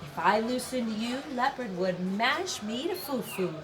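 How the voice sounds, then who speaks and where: A woman's voice: on the high side, expressive, measured pace, music in the background. Fearful striding banana, female, storybook; woman reader plays her. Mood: wary.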